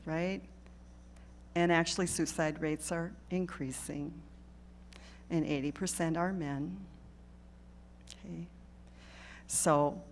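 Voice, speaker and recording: A woman's voice: deep voice, slight background noise. A woman giving a live talk to a church congregation, earnest and direct, often checking in with the listeners. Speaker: guest speaker at a church.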